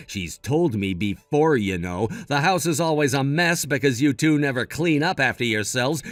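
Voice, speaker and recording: A man's voice: on the high side, dry recording. A man voicing a selfish, rude grown brother in a read-aloud text-message story, blunt and sneering. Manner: blunt, sneering, then pleading. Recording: dry close mic with faint music.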